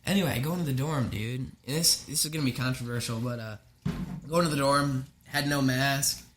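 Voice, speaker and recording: A man's voice: mid-range voice, a little fast, echoey room, music in the background. A young man telling a rambling college story in casual chat, swearing a lot and laughing along with himself. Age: young adult. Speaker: podcast guest.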